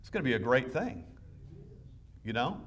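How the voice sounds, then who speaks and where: A man's voice: mid-range voice, big pitch swings, normal speed, fairly bright tone, distant mic, slight background noise. A man preaching a sermon as pastor, enthusiastic and conversational, with frequent restarts. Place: church sanctuary.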